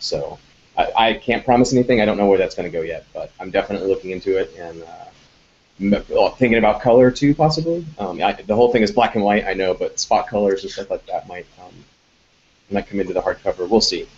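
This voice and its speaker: Low-voiced man, rambling live Q&A. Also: darkish tone, highs cut off. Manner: rambling, many ums and restarts. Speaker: game designer answering audience questions. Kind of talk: casual live Q&A chat.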